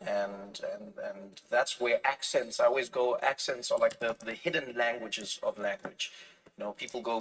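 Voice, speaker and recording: A man, a comedian being interviewed, telling stories in a lively way and acting out the voices of other people, often restarting his phrases. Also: mid-range voice, normal speed, far from the mic, low-quality recording. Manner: animated storytelling, acts out other people's voices, frequent restarts. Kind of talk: casual conversation.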